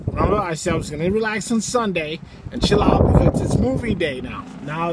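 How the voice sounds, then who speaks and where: A man filming a casual phone vlog in a store parking lot, talking in a loud, excitable, profane rant. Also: high-pitched, heavy background noise. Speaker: vlogger.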